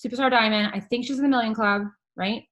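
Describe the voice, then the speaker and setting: A woman's voice: fairly high pitch, fast, fairly bright tone. A woman casually presenting a recap to her team over a video call, chatty and rambling with lots of fillers.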